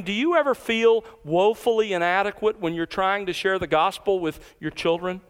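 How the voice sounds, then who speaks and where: A pastor preaching an emphatic expository sermon, slowing down to stress key words. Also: male voice, high-pitched, fairly bright tone, clean tone.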